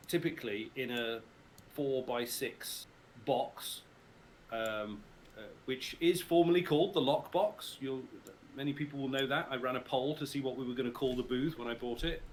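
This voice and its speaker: Steady in tone and medium in pitch, this middle-aged Englishman talks at a moderate pace over slight background noise. With his Received Pronunciation accent, he's an easygoing voice-actor guest on a livestream filmed at his mother's house, quick to joke and laugh.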